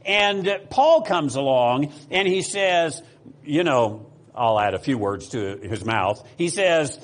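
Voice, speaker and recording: A man's voice: mid-range voice, lively intonation, takes it slowly. A man from the United States preaching a sermon, talking casually with fillers, restarts and rhetorical questions to the congregation. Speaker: pastor.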